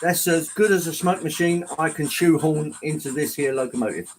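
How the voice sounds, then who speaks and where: Middle-aged male livestream host, fairly high-pitched, chatty and exclamatory, casual hobby-room talk. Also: normal speed, low-quality recording. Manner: chatty, exclamatory, reads chat aloud. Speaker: livestream host showing model trains. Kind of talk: casual live chat with viewers. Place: indoor hobby room with layout.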